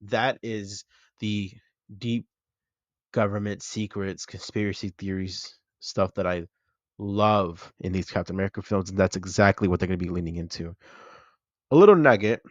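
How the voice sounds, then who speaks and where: A young man hosts a film channel in a dry, close recording with a somewhat muffled, dull sound. His voice sits on the low side as he chats excitedly through a trailer breakdown, often pausing to correct himself. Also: dry recording. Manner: excited, chatty, self-correcting fan talk. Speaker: movie channel host.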